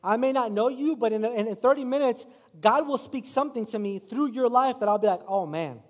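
Male pastor, middle-aged, high voice, casual storytelling sermon, reverberant church. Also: brisk, a little mellow. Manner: casual, self-deprecating storytelling with rising preaching emphasis. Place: church sanctuary. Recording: long hall reverb.

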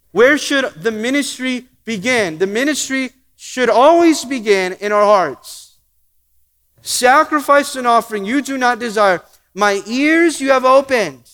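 A man preaching a sermon with a notably high voice. He slows down to read scripture and chuckles between points, and his voice carries a long reverb like a big hall. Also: fairly bright tone. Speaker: pastor.

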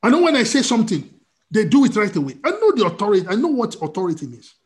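A male pastor preaches with a mid-pitched voice that leaps up and drops down in lively swings. He fires questions at his listeners and answers them himself. It is a streamed church service. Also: fast. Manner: animated preaching with call-and-response questions. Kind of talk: sermon.

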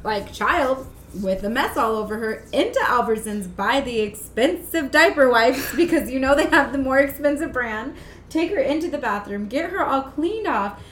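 A woman, probably in her thirties, telling a long personal story in a casual, animated way and laughing often. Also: sits high, moderate pace, a little hiss or hum. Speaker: guest.

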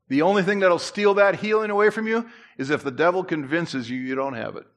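A man preaching a sermon in church, conversational with asides and restarts, who climbs louder and higher to drive his points home. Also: brisk. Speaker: pastor.

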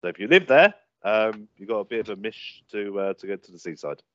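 A young man chats in an easygoing way and laughs along. His voice sits fairly low. The audio is dry and a bit lo-fi. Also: very animated, fairly quick, no echo. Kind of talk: casual chat.

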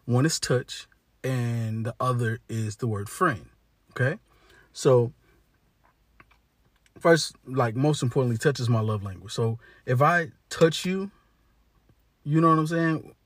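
A man with a medium-pitched voice delivers a blunt, casual rant, unhurried and full of long pauses. He curses heavily, uses slang, and restarts often. The recording is dry and studio quality.

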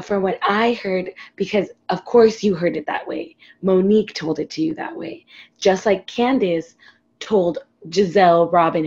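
A woman in casual chat, expressive and jumping high in pitch when excited. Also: lo-fi sound. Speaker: podcast co-host.

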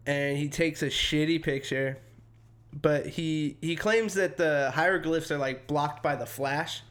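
A man co-hosting a podcast, telling a story in casual chat with loose phrasing, swearing and quick put-on voices for people in it. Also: on the high side, fairly even intonation, fairly bright tone. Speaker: podcast co-host.

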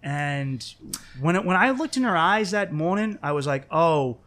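A young man in casual chat, telling a story with lots of swearing and lively acted-out quotes. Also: high-pitched, moderate pace. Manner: profane, animated, acts out quoted voices.

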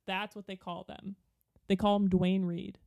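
A woman chatting on a podcast and telling stories in a loose, rambling way. She keeps breaking into giggles and restarting her sentences. Her voice is mid-pitched and sounds dry and close, with no room sound. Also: level tone, unhurried, warm tone, clear, resonant tone, no echo, lo-fi sound. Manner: giggly, rambling storyteller who trails off and restarts. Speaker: podcast co-host. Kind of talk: casual chat.

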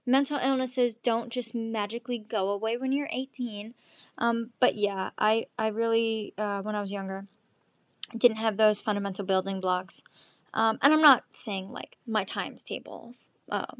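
A woman's voice: medium pitch, fairly even intonation, measured pace, no echo. A woman in her twenties hosting her own show, chatting alone in a rambling, candid way with lots of ums and likes. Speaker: podcast host. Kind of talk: casual solo chat.

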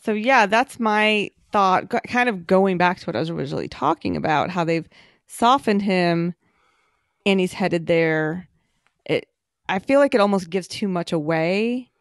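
A woman's voice: fairly low pitch, lively intonation, normal speed, no room sound, studio quality. A woman co-hosting a casual podcast, talking enthusiastically and thinking aloud with frequent fillers. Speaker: podcast co-host. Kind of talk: casual podcast discussion of a TV show.

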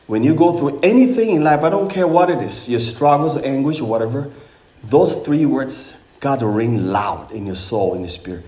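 A man's voice: on the high side, sing-song, normal speed. A middle-aged man preaching an Easter sermon as pastor, emphatic, putting rhetorical questions to the congregation. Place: church sanctuary. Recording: roomy echoing sanctuary.

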